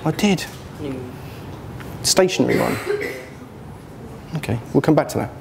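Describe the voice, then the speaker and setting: A man's voice: a little high, expressive, measured pace, vocal fry, a crowd in the background. A man giving an informal motivational talk about his business failures, blunt and joking, speaking in a students' union hall.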